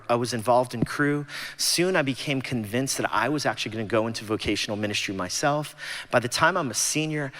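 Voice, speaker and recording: A man's voice: mid-range voice, pushed and bright. A man in his forties from Los Angeles giving a personal testimony talk at a church gathering, conversational and self-deprecating. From Los Angeles, USA. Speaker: guest speaker at church gathering. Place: large church sanctuary. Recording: long church-hall reverb.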